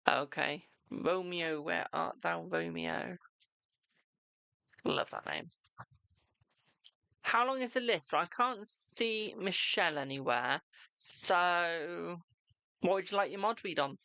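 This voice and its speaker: A British man hosts a live tarot stream, reading questions off his chat and answering in an affectionate, chatty way. His voice is bright and forward with a gravelly edge. The sound is dry and close. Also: high voice, animated, no echo. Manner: affectionate, calls viewers "my darling"; chatty, reads questions aloud and answers quickly.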